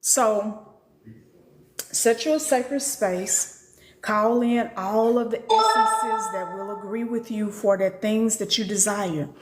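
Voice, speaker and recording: A woman's voice: steady tone, slow. A middle-aged woman, a spiritual teacher, talking casually on a live stream with slangy, profane storytelling that jumps into quoted voices. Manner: acts out quotes in a much higher voice.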